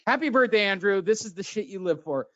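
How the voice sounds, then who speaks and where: A man's voice: high voice, expressive, fast talker, a bit bright, no echo. A man hosting a boxing podcast, ranting sarcastically with lots of swearing. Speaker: podcast host. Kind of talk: profane casual boxing chat. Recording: dull lo-fi sound.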